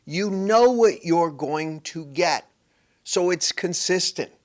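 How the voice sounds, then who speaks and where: A male host delivering a political commentary monologue in an emphatic, sarcastic, preachy tone. His voice sits a little high and swings widely in pitch as he drives home each point. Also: animated, takes it slowly.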